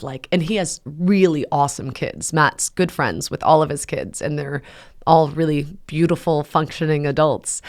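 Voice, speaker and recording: A woman in her thirties hosting a faith talk, telling a personal story in a rambling, heartfelt way with many pauses and fillers. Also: sits low, vocal fry. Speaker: podcast host. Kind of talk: casual personal testimony.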